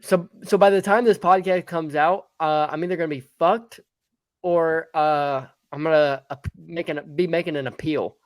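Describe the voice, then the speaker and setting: A man's voice: on the high side, fairly even intonation, moderate pace, no echo. A young man telling a story in casual podcast chat, rambling with lots of fillers. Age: young adult. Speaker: podcast guest.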